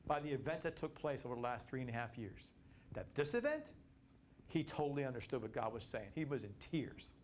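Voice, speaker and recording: A man teaching a Bible study class, animated and repetitive, building to emphatic peaks. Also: a little high, a little hiss or hum.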